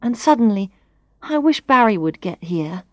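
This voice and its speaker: A woman reading a first-person story for learners aloud, clear and expressive. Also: medium pitch, normal speed, no echo. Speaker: narrator. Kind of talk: scripted narration of a learners' story.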